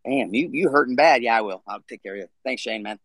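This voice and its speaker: A man's voice: mid-range voice, quick pace, a bit bright, no echo. Blunt, swearing male talk-show host. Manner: blunt and profane, swears freely. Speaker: podcast host. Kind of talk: casual live audio chat.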